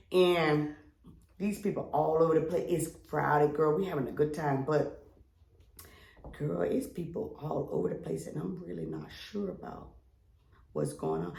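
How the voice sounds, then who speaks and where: A woman co-hosting a podcast, telling a long story in a loud, animated way, acting out her friends and swearing freely. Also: deep voice, gravelly. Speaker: podcast co-host. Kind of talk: casual chat. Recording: roomy echo.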